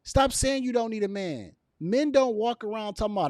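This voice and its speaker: A man's voice: sits high, fast talker, hardly any pauses, a little mellow, no room sound, studio quality. A man giving casual opinion commentary to camera, emphatic and repetitive, with chuckles between his points. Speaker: video commentator.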